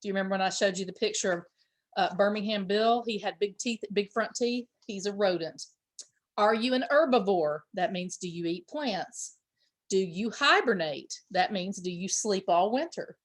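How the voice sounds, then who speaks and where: A woman's voice: mid-range voice, moderate pace. A woman teaching pre-K, reading a picture book aloud and explaining words with simple questions for small children.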